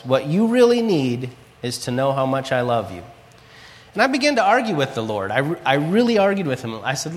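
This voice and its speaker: Earnest male preacher in a reverberant hall. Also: fairly high pitch. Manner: earnest storytelling, quotes scripture and his own prayers. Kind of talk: sermon.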